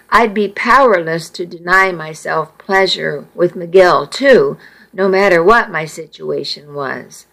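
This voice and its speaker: A woman reads a first-person story aloud at a slow, deliberate pace. Her voice sits in a middle register, and her delivery is measured and intimate. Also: mid-range voice, fairly bright tone, low-quality recording. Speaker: audiobook narrator. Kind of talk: first-person audiobook narration.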